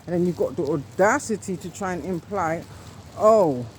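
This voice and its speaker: A woman's voice: on the low side, a little fast. A woman vlogging an angry monologue, indignant and emphatic, swearing and repeating herself. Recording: noisy home recording.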